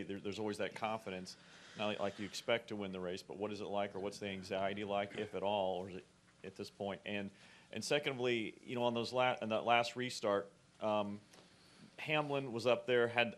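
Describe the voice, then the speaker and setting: A man, a sports reporter, asking a long, rambling, hesitant question at a press conference. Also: lowish voice.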